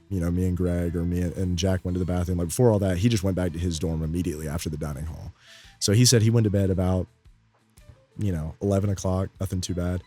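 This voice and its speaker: A man's voice: sits low, warm tone. A young man telling a story in a rambling, laid-back way, full of fillers. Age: young adult. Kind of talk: casual storytime.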